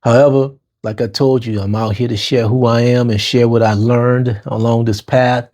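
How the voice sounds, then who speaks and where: A middle-aged man with a New Orleans accent tells his own story, talking to his listeners as "y'all". His phrasing is casual and full of street slang, and his voice sits at a medium pitch. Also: fairly even intonation, normal speed, darkish tone. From New Orleans, Lower Ninth Ward. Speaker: podcast host. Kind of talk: personal storytelling monologue.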